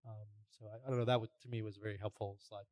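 A man's voice: on the low side, rapid-fire, no echo. A man moderating a conference panel, talking things through with frequent fillers. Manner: relaxed, thinking aloud with fillers.

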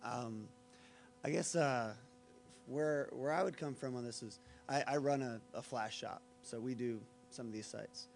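A man's voice: mid-range voice, measured pace, creaky, soft background music. A man speaking on a discussion panel, hesitant with many fillers.

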